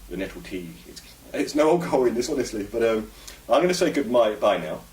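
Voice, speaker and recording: A man's voice: medium pitch, very animated, fast talker, darkish tone. A man from England, a vlogger, talking to camera in a rambling, musing and opinionated way. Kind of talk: casual monologue to camera. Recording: roomy echo, voice from a distance.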